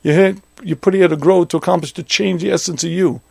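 A man's voice: high-pitched, steady tone, fast talker, gravelly, slightly rough, no echo, studio quality. A man giving a Torah lecture as a rabbi, emphatic, repeating phrases and acting out imagined objections.

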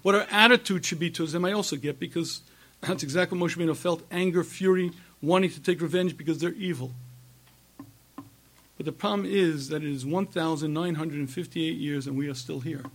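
A middle-aged man giving an impassioned religious lecture, emphatic and repetitive, with rhetorical questions and frequent throat-clearing. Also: fairly high pitch, a little fast, a bit bright. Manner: emphatic, rhetorical questions, repeats phrases for force. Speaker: rabbi giving a talk.

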